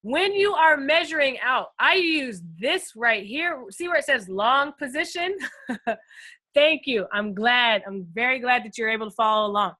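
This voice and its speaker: A woman teaching a live trading lesson on screen, excitable and chatty, talking straight to her viewers and swinging from loud bursts to quiet asides. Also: a little high, a little slow. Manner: addresses viewers as guys and first timers. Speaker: trading instructor.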